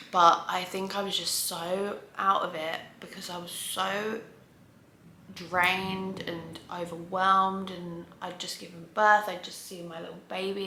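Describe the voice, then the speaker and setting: A woman's voice: fairly low pitch, vocal fry, pushed and bright, a little hiss or hum. A woman vlogger telling a long story to the camera at home, chatty and rambling, often stopping to restart a sentence. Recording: roomy echo.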